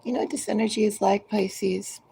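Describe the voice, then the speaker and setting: Gravelly, mellow-voiced woman tarot reader. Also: mid-range voice, fairly even intonation, poor audio. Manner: speaks directly to each zodiac sign, unhurried and musing. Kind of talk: collective tarot reading.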